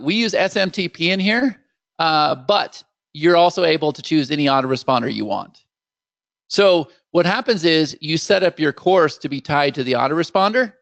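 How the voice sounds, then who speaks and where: A man hosting a live screen-share software demo, upbeat and salesy, talking straight to viewers as "guys" and acting out how clients would react. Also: on the high side, vocal fry, no room sound. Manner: acts out clients' reactions in quoted voices.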